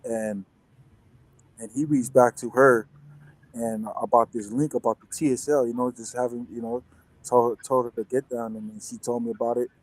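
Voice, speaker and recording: A man's voice: mid-range voice, fairly even intonation, normal speed, darkish tone, low-quality recording. A young man, a football player and interview guest, telling a story in casual chat, rambling with many restarts and fillers.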